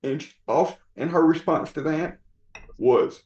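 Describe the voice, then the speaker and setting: A man's voice: on the high side, measured pace, a little mellow. Wry man on a roomy video call. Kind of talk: casual chat. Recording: dull, roomy call audio.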